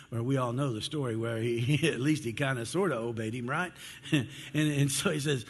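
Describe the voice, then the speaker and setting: A man's voice: mid-range voice, moderate pace, slightly rough. A man preaching a sermon in a conversational way, acting out the complaints of biblical figures. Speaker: pastor. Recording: hall reverb.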